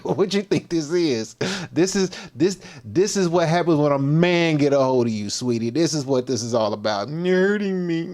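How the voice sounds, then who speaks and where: A man's voice: fairly high pitch, lively intonation, moderate pace, a little mellow. A man hosting a casual livestream, talking loosely in slang and reacting to clips and comments as he goes. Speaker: livestream host.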